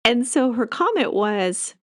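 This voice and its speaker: A woman hosting a casual spiritual podcast monologue. She talks in a chatty, meandering way, laughs often, and gets animated as she retells stories. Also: a little high, unhurried. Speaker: podcast host.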